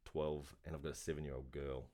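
A man in his forties co-hosting a podcast, chatting and bantering with quick laughs. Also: a bass voice, level tone, warm tone. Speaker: podcast co-host and junior sports coach. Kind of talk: casual chat.

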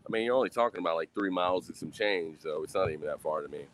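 Man, mid-thirties, low voice, rambling casual vlog talk over beer, swears freely, sighs between thoughts. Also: racing, slight background noise. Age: 30s. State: drinking beer.

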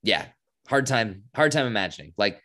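A man's voice: fairly low pitch, very animated, moderate pace, bright, forceful tone. A young man co-hosting a podcast, chatting casually and enthusiastically with lots of fillers. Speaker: podcast co-host. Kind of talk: casual chat.

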